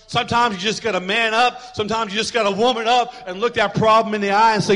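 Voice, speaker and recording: A man preaching a sermon as pastor, building to emphatic declarations and dropping low to act out quoted voices. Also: fairly even intonation, quick pace, hardly any pauses, fairly bright tone. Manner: acts out quoted voices, dropping to a near whisper.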